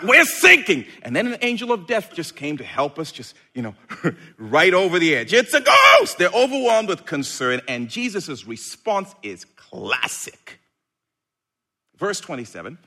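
Male preacher, slow deliberate sermon, wildly swinging pitch, playful. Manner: animated, playful, with sudden shouted bursts.

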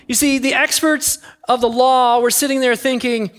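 A pastor delivering an earnest sermon, with emphatic swings in pitch and loudness. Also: steady tone, normal speed, hardly any pauses.

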